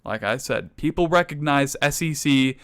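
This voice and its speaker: A young man giving a mock-serious comedy lecture, ranting with exaggerated outrage that climbs toward near shouts. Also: medium pitch, lively intonation, moderate pace.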